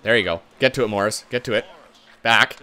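A young man doing live gameplay commentary, easily frustrated, swearing and breaking into loud outbursts. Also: fairly low pitch, brisk. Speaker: gaming channel host.

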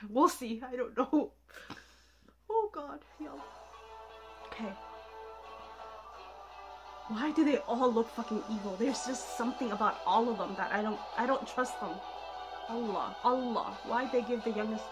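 High-pitched gushing young woman. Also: lively intonation, a little slow, long pauses, faint music behind. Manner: gushing, swearing, shrieking bursts. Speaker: reaction video host. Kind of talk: excited reaction commentary.

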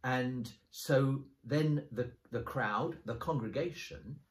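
A man in the role of a bishop explains scripture in relaxed conversation, building his points slowly and often restarting a phrase. His voice sits at an ordinary middle pitch. The recording carries a noticeable roomy echo. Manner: thoughtful, explains step by step with frequent restarts. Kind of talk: conversational bible discussion.

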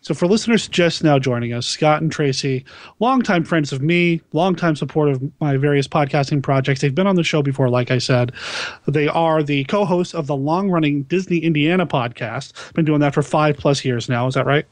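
A man's voice: on the high side, normal speed, no room sound. A man hosting a podcast, chatting casually and enthusiastically, often laughing. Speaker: podcast host. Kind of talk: casual chat.

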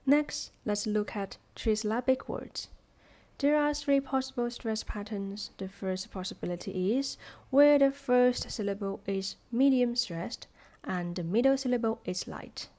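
Slow, careful woman teaching pronunciation. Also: mid-range voice, darkish tone. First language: Mandarin Chinese. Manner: slow, careful, model-reading example words. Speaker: Mandarin teacher. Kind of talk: scripted pronunciation lesson.

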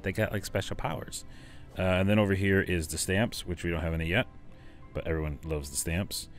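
Deep-voiced let's play host, chatty and rambling, enthusiastic. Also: male voice, fairly even intonation, fairly quick, soft background music. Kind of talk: casual game commentary.

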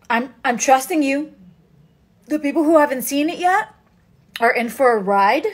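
A woman in her thirties chatting casually on a livestream, excitable and emotional, laughing often. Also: high-pitched, unhurried, a little hiss or hum. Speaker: livestream host. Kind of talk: casual live chat.

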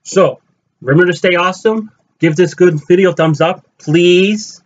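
Speaking at a normal speed in a high voice, a man gushes over his collection in an excited unboxing vlog, repeating himself and addressing viewers as fellow fans. The recording sounds muffled.

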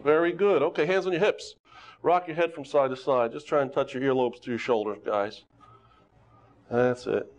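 A man teaching karate who leads students through a warm-up, calling out exercises and teasing them with jokes. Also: mid-range voice, moderate pace. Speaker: karate instructor. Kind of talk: leading a warm-up on a local TV show. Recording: dull lo-fi TV studio sound.

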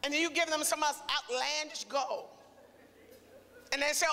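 A male preacher delivering a call-and-response sermon, exhorting the congregation and building to shouts. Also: extremely high pitch, steady tone, measured pace. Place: church sanctuary. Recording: reverberant church hall, faint crowd.

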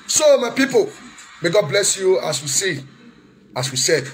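High-voiced man in an impassioned rant. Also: very animated, moderate pace, long pauses. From Nigeria. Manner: swings between shouting, pleading and singing, mixes Pidgin. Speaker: social media commentator. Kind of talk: emotional monologue. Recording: faint music behind.

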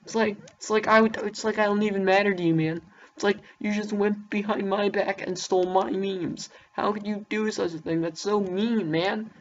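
A woman's voice: medium pitch, steady tone, normal speed, lo-fi sound. A young woman ranting to camera in mock outrage, calling her listeners mates. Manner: mock-outraged, repeats "mate". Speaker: youtuber. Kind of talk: comedic rant to camera.

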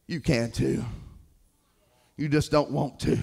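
A man preaching a Pentecostal sermon, building from low muttered lines to shouted, half-sung refrains full of repeated phrases and hallelujahs. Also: a little slow, vocal fry, slightly rough. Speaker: pastor.

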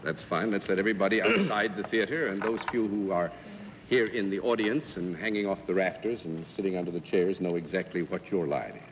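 A man's voice: low-pitched, brisk, slight background noise. A man hosting a live television game show, genial and laughing often. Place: TV studio before a live audience. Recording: lo-fi 1950s broadcast, long hall reverb.

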